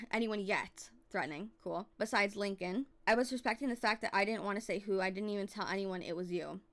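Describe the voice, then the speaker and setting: A woman's voice: mid-range voice, fairly even intonation, fast talker. A woman telling a casual storytime vlog, emphatic and heavy on swearing, often slipping into quoting others.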